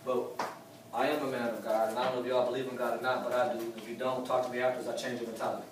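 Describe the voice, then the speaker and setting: A man's voice: medium pitch, flat delivery, racing. Preachy man echoing in a room. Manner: preachy, repeats key lines for emphasis. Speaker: motivational speaker at a sales meeting. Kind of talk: live motivational talk to a room. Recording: distant echoey room with faint noise.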